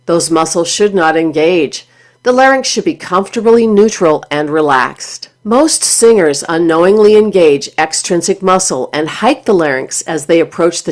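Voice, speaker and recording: A woman voice teacher giving scripted instructional narration in a clear, measured, explanatory way. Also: on the low side.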